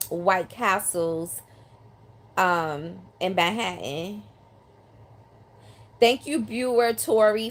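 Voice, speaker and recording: An older woman, chatting on a live stream, reading out viewer comments with lots of ums. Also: on the low side. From New York City. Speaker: live streamer, line dance teacher. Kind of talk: casual live-stream chat. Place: home in South Carolina. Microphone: phone or handheld mic.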